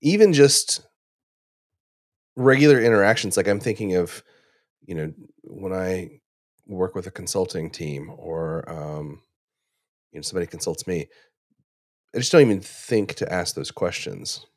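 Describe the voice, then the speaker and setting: Male clinician leading a case talk; low voice, dry close sound, quick and halting delivery. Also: dry recording. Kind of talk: casual discussion.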